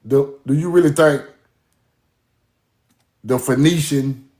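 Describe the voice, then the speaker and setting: A man's voice: medium pitch, slow pace, reverberant. A man, talking casually and mockingly in a profane rant to his audience. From US South. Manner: animated, laughing, mocking, profane.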